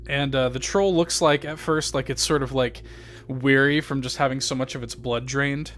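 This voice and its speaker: A man's voice: mid-range voice, fairly even intonation, moderate pace, fairly bright tone, slight background noise. Rambling man narrating a tabletop game. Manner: loose, rambling, full of fillers and swearing. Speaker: game master.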